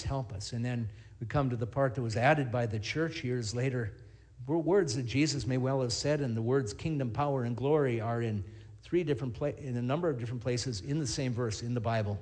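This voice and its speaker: A middle-aged man, a pastor, preaching a sermon and telling stories in a lively, animated way. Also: medium pitch. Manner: storytelling, animated, acts out scenes.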